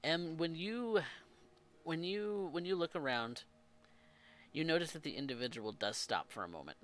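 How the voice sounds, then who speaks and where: A man's voice: fairly high pitch, moderate pace. A man narrating a tabletop role-playing game as game master, restarting phrases as he goes. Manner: animated narration with frequent restarts.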